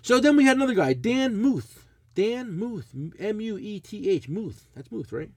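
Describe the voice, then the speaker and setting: A man's voice: sits high, normal speed, slightly rough, dry recording. A middle-aged man, telling a profane, blunt story in casual chat as a podcast co-host. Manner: animated, swearing, blunt ranting.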